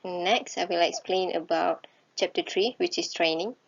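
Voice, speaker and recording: A young woman giving a class presentation, hesitant and halting with many fillers. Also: fairly low pitch, creaky. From Malaysia. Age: young adult. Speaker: student presenter. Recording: dull lo-fi recording.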